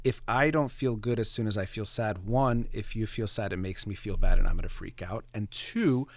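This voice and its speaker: A man calmly explaining psychology on a talk show, reflective and full of everyday examples. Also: on the low side, normal speed, dry recording.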